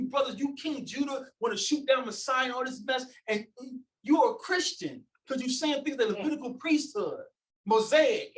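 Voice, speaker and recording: A man's voice: extremely high pitch, a bit bright, rough recording. A man preaching and teaching scripture, emphatic and scolding, repeating his points and firing rhetorical questions. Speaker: teacher leading a scripture study. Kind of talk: fiery preaching and Bible teaching.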